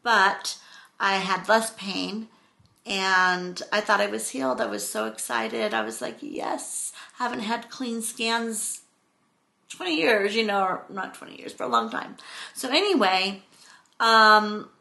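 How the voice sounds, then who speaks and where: A middle-aged woman telling a story to her camera in an unhurried, drawn-out way, rambling and expressive. Her voice is bright and forward. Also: mid-range voice, gravelly. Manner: rambling, expressive, acts out quotes with exclamations. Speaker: vlogger.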